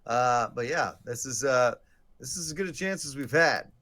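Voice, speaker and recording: Co-hosting a laid-back baseball live stream, this podcast man riffs sarcastically and jokes as the game unfolds. His medium-pitched voice is expressive and sharp, moving at a normal speed.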